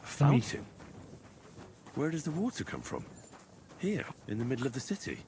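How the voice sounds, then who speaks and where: Medieval townsman in a game, wondering out loud, pitch swings all over. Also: huge pitch swings, moderate pace, a little hiss or hum.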